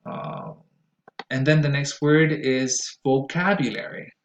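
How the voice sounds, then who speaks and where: A man's voice: medium pitch, slow pace. A man teaching pronunciation in a lecture style, explaining patiently and repeating each word for emphasis. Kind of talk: classroom lecture. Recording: echoey room.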